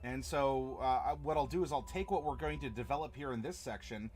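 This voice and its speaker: A man's voice: medium pitch, a little fast, a little mellow. A young man hosting a live stream as game master, chatting casually and rambling with many fillers and restarts.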